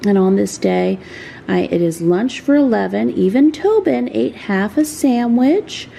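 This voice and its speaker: A woman's voice: mid-range voice, expressive, measured pace, vocal fry, warm tone, a little hiss or hum. A woman who runs a family vlog, chatting and explaining her kitchen work as she goes. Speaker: vlogger, mother of a large family. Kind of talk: casual narrated home vlog.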